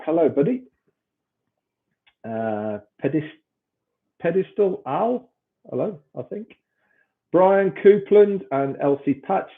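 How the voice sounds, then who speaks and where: A man's voice: a little high, vocal fry. A man hosting a live stream in casual chat, reading out viewers' names one by one and stumbling over the hard ones. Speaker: host greeting live viewers. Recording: tinny phone-like stream audio.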